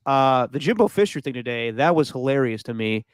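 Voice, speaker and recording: A man's voice: medium pitch, expressive, fairly quick, smooth, dry recording. A man co-hosting a podcast, giving his opinions in casual sports chat and laughing often. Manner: opinionated, laughs often, does mock impressions. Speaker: podcast co-host.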